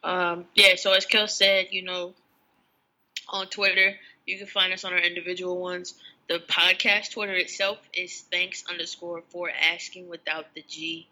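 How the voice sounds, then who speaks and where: A podcast co-host chatting casually, with a very bright, sharp-edged voice. The delivery stays relaxed as stories unfold. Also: medium pitch, normal speed, rough recording. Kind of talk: casual chat.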